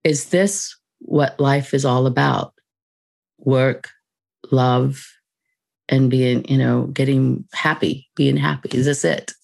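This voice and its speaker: A woman guest on a podcast, telling a personal story in a reflective, unhurried way, laughing lightly between thoughts. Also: extremely low pitch, steady tone, gravelly, darkish tone, no room sound. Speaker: podcast guest, mindfulness teacher.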